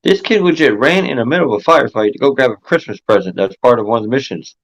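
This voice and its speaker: A man on a podcast telling animated stories in slangy, casual talk. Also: medium pitch, fast, rough recording.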